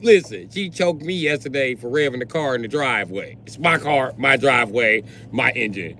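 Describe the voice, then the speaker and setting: A man's voice: expressive, normal speed, few pauses, bright, forceful tone, a little hiss or hum, low-quality recording. A man ranting in a crude joking way on a live stream from a car. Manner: crude, joking, swings up and down in pitch. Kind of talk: rambling live-stream rant.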